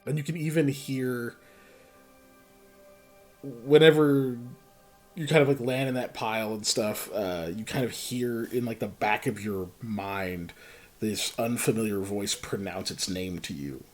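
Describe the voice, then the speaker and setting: A man narrating as game master in a relaxed, joking way with many fillers. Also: fairly low pitch, measured pace, soft background music.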